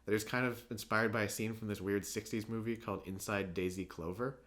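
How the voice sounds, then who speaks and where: Young guy on a podcast, kinda low voice, rambles on with lots of likes and ums, laughs a lot. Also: steady tone, quick pace, a bit bright. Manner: rambling storyteller, filler-heavy, laughs often. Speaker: podcast guest, animator. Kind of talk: casual chat.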